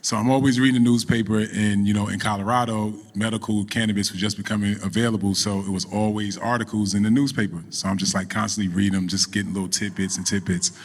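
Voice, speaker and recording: A middle-aged man, a guest on a podcast, telling a story in a relaxed, animated way and running a business. He falls into casual speech. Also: on the low side, quick pace, hardly any pauses, big-room sound. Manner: animated storyteller, acts out quoted voices. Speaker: podcast guest, cannabis entrepreneur.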